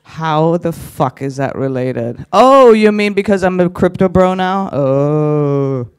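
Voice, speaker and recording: A man working the crowd at a conference, brash and mocking, with a fairly high voice and a loose, profane delivery. He speaks into a handheld mic on stage. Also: lively intonation, takes it slowly, clean tone. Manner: brash, teasing, swears freely. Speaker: stand-up comedian. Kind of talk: stand-up crowd work. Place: conference stage before a live audience.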